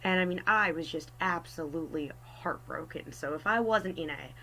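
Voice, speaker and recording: A woman's voice: low voice, normal speed, sharp tone, a little hiss or hum, low-quality recording. A young woman telling a personal story in a casual, chatty way, wry and self-mocking. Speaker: artist storyteller.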